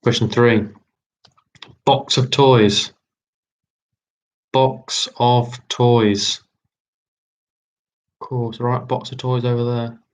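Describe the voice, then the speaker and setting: A man's voice: medium pitch, flat delivery, unhurried, low-quality recording. A man hosting a live online quiz, chatty and repeating his lines. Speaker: quiz host.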